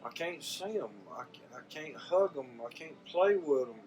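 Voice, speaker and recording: An older man with a Southern US drawl talks straight to his viewers in a folksy, rambling way, stumbling over and repeating words as he goes. His voice sits a little high for a man, and a faint hiss of noise runs under the recording. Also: expressive, moderate pace. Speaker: vlogger. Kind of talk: casual heartfelt talk to camera.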